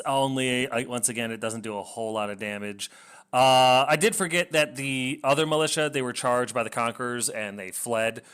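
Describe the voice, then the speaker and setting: A man's voice: medium pitch, fairly bright tone, clear, resonant tone. Rambling man narrating a wargame battle. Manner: rambling, self-deprecating, swears when frustrated. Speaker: tabletop wargame battle reporter. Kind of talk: casual battle report narration.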